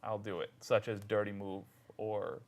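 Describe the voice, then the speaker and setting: A man's voice: lowish voice, flat delivery, normal speed. A man narrating a tabletop role-playing game as game master, describing scenes vividly and ruling on moves.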